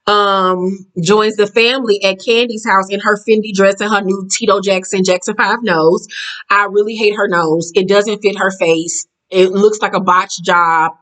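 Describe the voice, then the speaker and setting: A woman recapping a reality show in blunt, profane, catty casual talk, jumping up in pitch as she acts out quotes. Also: a bit bright, rough recording.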